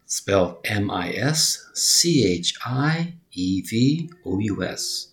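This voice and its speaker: A man's voice: on the low side, big pitch swings, drawn-out words, fairly bright tone. A man giving a short vocabulary lesson, spelling each word out letter by letter and repeating its pronunciation. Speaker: English vocabulary teacher.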